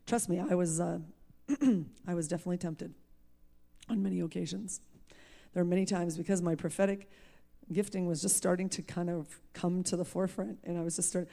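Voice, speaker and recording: A woman's voice: lowish voice, fairly even intonation, fairly quick, vocal fry, warm tone. A woman preacher giving a personal testimony, candid and emphatic, often laughing at herself. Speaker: preacher sharing her testimony.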